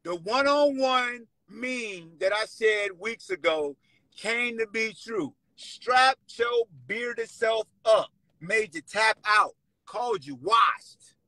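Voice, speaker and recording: A man hosting a sports podcast with a Virginia accent, taunting and shouting at players in casual trash talk. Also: high-pitched, takes it slowly, no room sound, low-quality recording. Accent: Virginia (757 area). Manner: loud, taunting, animated, shouts and laughs. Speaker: podcast host.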